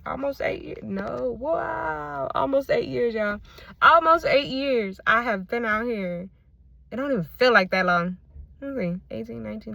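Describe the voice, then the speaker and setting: With a slightly high, gravelly voice and a fairly bright tone, a faith content creator talks into the phone in her hand. The dry recording captures her fervent personal testimony as she repeats phrases and calls her viewers y'all.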